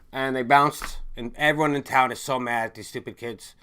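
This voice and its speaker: A man's voice: mid-range voice, fairly even intonation, a little fast, hardly any pauses, bright, forceful tone, slight background noise. A man hosting a casual stream, rambling and swearing as he reads viewer chat and drifts between stories. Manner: rambling, profane, trails off and restarts mid-thought.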